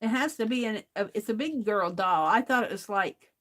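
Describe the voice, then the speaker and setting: A woman's voice: medium pitch, animated, normal speed, fairly bright tone. A middle-aged woman chatting casually to herself and her viewers as she opens craft mail, often laughing. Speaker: craft livestream host. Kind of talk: casual craft vlog, opening mail on camera.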